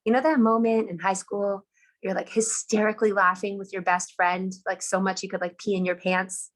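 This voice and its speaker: A woman teaching on a live video call, telling a story in an enthusiastic, chatty way. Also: medium pitch. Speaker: Torah teacher.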